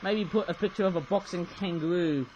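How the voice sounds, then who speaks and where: High-voiced man rambling through a toy review. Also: a little fast, darkish tone, lo-fi sound, a little hiss or hum. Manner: rambling, keeps adding "though, eh?". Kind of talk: casual toy review vlog. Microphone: webcam.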